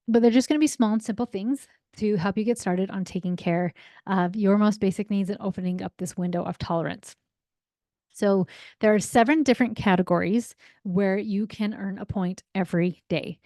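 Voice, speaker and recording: A woman in her forties talks as a parenting coach on her podcast, with a mid-pitched voice recorded close and dry. She is chatty and upbeat and checks in with "right?" as she goes. She slips into acted voices when telling stories about home life. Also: darkish tone, no echo. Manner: acts out quoted voices in anecdotes. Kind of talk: solo podcast talk.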